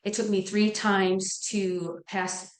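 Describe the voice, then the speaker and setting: A middle-aged woman, a nurse and life coach guesting on a podcast, tells her personal story in an interview with earnest, heartfelt feeling, growing emotional. Her voice is medium-pitched, flat in delivery and slow. The room is echoey.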